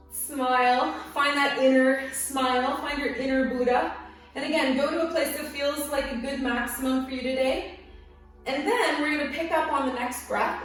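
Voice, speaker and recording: A woman teaching a guided yoga class, giving gentle, encouraging cues with playful asides, a little out of breath. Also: high voice. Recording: very echoey room, voice from a distance, soft music behind.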